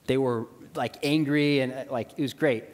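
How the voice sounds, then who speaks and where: A man's voice: medium pitch, moderate pace. A middle-aged man giving a church seminar talk, telling stories and acting out the voices of the people in them. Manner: animated, acts out dialogue in quoted voices. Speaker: apologetics speaker. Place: church auditorium. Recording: long reverb of a church hall.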